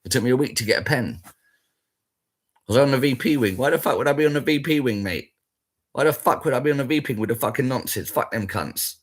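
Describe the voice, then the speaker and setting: Brief: man, husky voice, blunt and foul-mouthed, rambling and repetitive. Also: mid-range voice, lively intonation, quick pace. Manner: sweary, blunt and rambling, repeats himself. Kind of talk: casual spoken rant.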